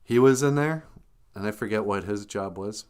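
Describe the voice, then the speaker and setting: Greeting viewers on his laid-back livestream, an older host tells joking stories and chuckles frequently. He speaks at a moderate pace in a lowish voice with a darkish, clean tone.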